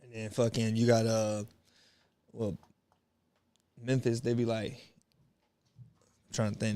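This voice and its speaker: A man's voice: medium pitch, little pitch movement, a little slow, long pauses, dark tone. Laid-back slangy young man streaming. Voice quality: laid-back, rambling, slangy with frequent swearing. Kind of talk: casual livestream chat.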